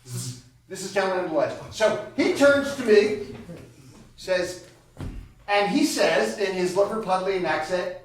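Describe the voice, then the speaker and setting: On a small theater stage, a man delivers a solo comedy storytelling monologue in a high-pitched, expressive voice, taking his time with long pauses. His live stand-up is chatty and digressive, full of self-mockery and dry comic asides. The echoey theater recording is noisy, with the mic far away.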